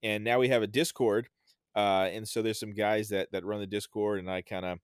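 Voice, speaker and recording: A man's voice: fairly low pitch, steady tone, brisk, clean tone, no echo, studio quality. Rambling man on a hobby podcast. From Florida, US. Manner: rambling, with lots of fillers and restarts. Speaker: podcast co-host. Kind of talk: casual podcast chat.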